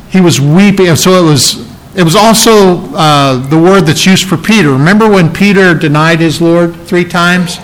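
Male pastor, sermon delivery, slightly higher pitch, earnest verse-by-verse teaching. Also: a bit bright, rough recording. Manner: earnest Bible teaching, reading verses aloud and explaining them.

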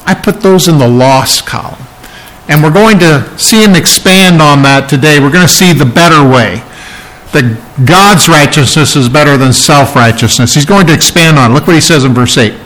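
A man preaching an expository sermon, emphatic and climbing higher in pitch when his delivery gets excited. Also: moderate pace, rough recording. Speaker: pastor.

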